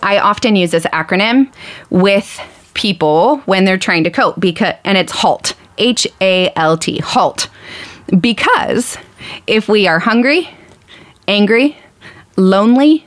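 A woman's voice: medium pitch, dry recording. Earnest woman psychologist explaining. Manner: earnest, emphatic, listing points. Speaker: clinical psychologist. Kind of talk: explanatory podcast talk.

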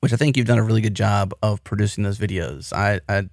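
A man's voice: fairly low pitch, quick pace, no room sound, clean studio sound. A man with an American accent hosting a podcast, talking in an enthusiastic, rambling way. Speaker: podcast host. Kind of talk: casual podcast chat.

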